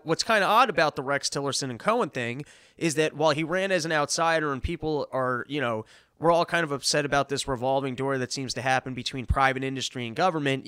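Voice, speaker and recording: A man's voice: on the high side, a bit bright, clean tone, no echo, clean studio sound. A man hosting a podcast, riffing sarcastically on the news in a rambling, profane way. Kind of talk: comedic news commentary.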